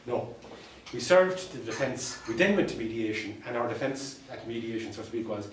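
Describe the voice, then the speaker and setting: An Irish solicitor and mediator giving an anecdotal talk to fellow professionals, telling stories with dry humour and repeated punchlines. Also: male voice, medium pitch, lively intonation, moderate pace, few pauses, a little hiss or hum. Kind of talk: anecdotal presentation to a professional audience. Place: meeting room. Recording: distant mic in an echoey room.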